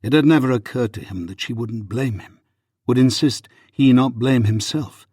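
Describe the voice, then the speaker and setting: A man narrating a romance audiobook in a steady, unhurried manner, with a husky voice. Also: mid-range voice, no echo, clean studio sound.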